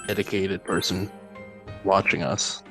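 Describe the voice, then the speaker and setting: Teasing low-voiced man co-hosting. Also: fairly even intonation, measured pace, over music. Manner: dry, teasing. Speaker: podcast co-host. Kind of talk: casual gaming chat.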